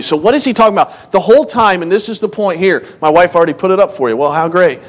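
High-voiced man preaching a chatty sermon. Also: quick pace, few pauses. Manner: storytelling, restarts phrases, self-mocking asides; reads scripture in old-fashioned wording. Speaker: pastor. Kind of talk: conversational sermon.

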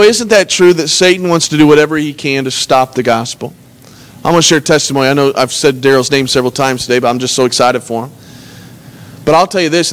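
A man preaching a sermon as pastor, earnestly reading scripture and retelling it in everyday words. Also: mid-range voice. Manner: earnest preaching, reads scripture aloud and retells it in plain talk.

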